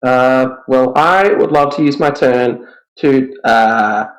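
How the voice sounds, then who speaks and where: A man's voice: mid-range voice, slow, low-quality recording. A man playing in a tabletop game, joking and offhand, swearing casually. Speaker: player.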